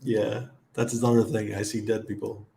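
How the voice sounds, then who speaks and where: A man's voice: on the low side, level tone, moderate pace, gravelly, dark tone, reverberant, slight background noise. A middle-aged man hosting a casual livestream chat who laughs often and greets viewers by name. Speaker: livestream host.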